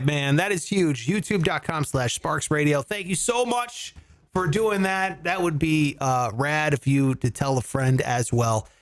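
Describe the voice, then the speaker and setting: A man hosting a comedy podcast, chatting casually, swearing and joking with animated energy. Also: on the high side. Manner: animated, swearing, mock voices for jokes.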